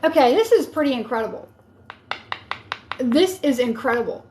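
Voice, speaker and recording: A woman's voice: high voice, lively intonation, normal speed, a little mellow, slight background noise. A woman giving a live tarot reading in a casual, encouraging, rambling way with many fillers. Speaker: tarot reader.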